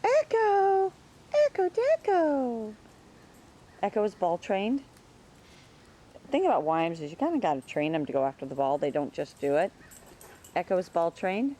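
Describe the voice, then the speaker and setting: A woman talking casually about her dogs in her yard, chatting away and calling to them in a high sing-song. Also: lively intonation, a little fast, pauses often, dark tone. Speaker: dog breeder. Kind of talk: casual home video narration.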